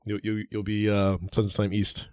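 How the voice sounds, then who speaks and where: A man's voice: on the low side, monotone, moderate pace, darkish tone, smooth, no echo, clean studio sound. A man co-hosting a casual wrestling podcast, loose and jokey, laughing often. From New York State. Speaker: podcast co-host.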